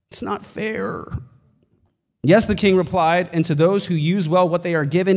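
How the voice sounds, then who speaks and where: High-voiced pastor preaching in a hall. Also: male voice, moderate pace. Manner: emphatic preaching, building to shouts. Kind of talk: sermon.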